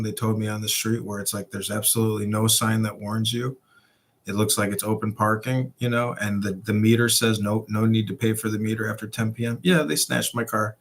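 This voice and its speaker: A man's voice: on the low side, brisk. Male podcast co-host, casual chat, loose profane storyteller. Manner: profane, laughing, animated storytelling.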